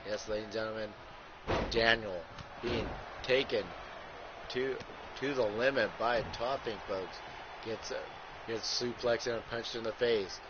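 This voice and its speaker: A man's voice: fairly low pitch, steady tone, a little slow. A man hosting a wrestling video game livestream, calling the action like a ringside announcer with crude rhyming jokes and constant "folks". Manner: ringside announcer patter, keeps saying folks. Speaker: host and wrestling commentator. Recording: muffled lo-fi with clear background hiss.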